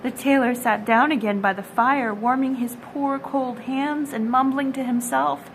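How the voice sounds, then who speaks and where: A woman reading a children's storybook aloud in a gentle, expressive storytelling manner. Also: high voice, a little slow, few pauses, a little hiss or hum, low-quality recording.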